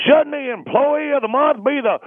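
A man's voice: very high-pitched, normal speed, creaky, dry recording, narrow, tinny audio. An older man delivering a cranky, sarcastic comedic rant as a radio host, chuckling at his own jokes.

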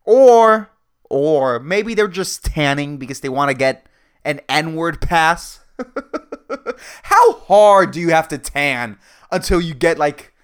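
A man's voice: on the high side, lively intonation, slow pace, clear, resonant tone. A man hosting a solo comedy podcast, ranting in a profane, rambling way and laughing at his own jokes. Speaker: podcast host.

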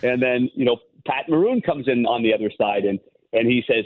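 A man's voice: medium pitch, fairly quick. A former goalie turned hockey analyst, a man, calling in and telling rambling anecdotes full of restarts. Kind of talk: casual phone-in interview. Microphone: phone. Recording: tinny phone line.

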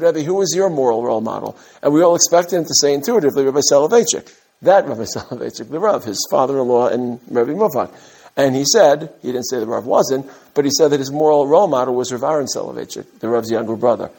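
A man, from Brooklyn, giving an animated mussar talk to his students as a rabbi, with emphatic rises and humorous asides. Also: medium pitch, creaky, slightly rough. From Brooklyn, USA. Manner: direct address to his students.

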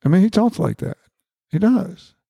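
A man's voice: animated, moderate pace, gravelly, mellow, slightly rough, dry recording, studio quality. A middle-aged man earnestly recounting a personal experience as an interview guest, repeating words and quoting dialogue in a lifted voice. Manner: repeats words, quotes dialogue with rising pitch. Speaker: guest, family doctor.

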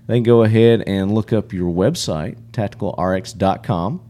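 A man's voice: fairly low pitch, moderate pace, warm tone. A man hosting a podcast, introducing guests in easygoing casual chat. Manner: easygoing, laughs along. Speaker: podcast host.

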